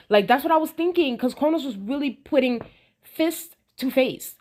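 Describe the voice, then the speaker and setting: A woman giving a casual, animated show review, emphatic and repeating herself for effect. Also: high-pitched, fairly quick.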